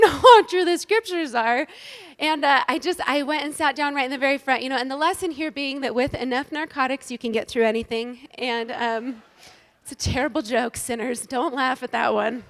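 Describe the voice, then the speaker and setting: Woman, high voice, joking, self-deprecating, inspirational speaker, live audience. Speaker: inspirational speaker at a women's event. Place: on stage before a live audience.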